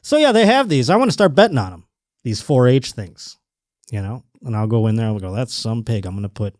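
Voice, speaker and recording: A man hosting a podcast, chatting casually in a rambling, joking way and swearing freely. His pitch sits mid-range but swings widely as he talks. The recording is close and dry, with no room sound. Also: big pitch swings, brisk, a little mellow, no room sound. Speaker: podcast host.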